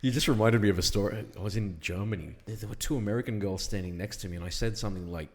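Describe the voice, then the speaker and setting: A man co-hosts an easygoing conversation and jumps in with a story of his own. His voice is very deep. The room around him rings with long reverb. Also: racing, a little mellow. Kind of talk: casual interview chat.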